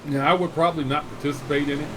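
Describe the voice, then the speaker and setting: A middle-aged man hosting a gaming show, telling stories in a folksy, animated way between laughs. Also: a little high, racing, background noise. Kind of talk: casual storytelling while streaming a game.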